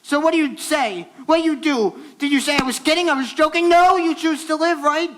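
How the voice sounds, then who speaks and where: A man's voice: extremely high pitch, fairly quick, fairly bright tone, slight background noise, low-quality recording. A man playing a wistful theatre fan who talks to the audience in rambling, confiding asides on a stage. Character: wistful male theatre fan narrating a record. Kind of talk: stage musical acting.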